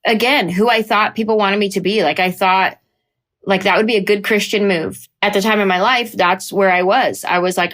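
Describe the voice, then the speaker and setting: A woman comedian talking in an interview, animated and slipping into playful put-on voices. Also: medium pitch, normal speed. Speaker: comedian guest. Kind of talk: conversational interview.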